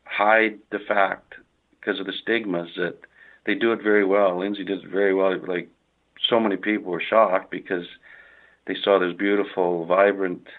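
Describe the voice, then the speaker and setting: A middle-aged man from Canada tells a personal story in conversation, halting with many fillers and restarts. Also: sits low, flat delivery. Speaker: guest. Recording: tinny phone-like line.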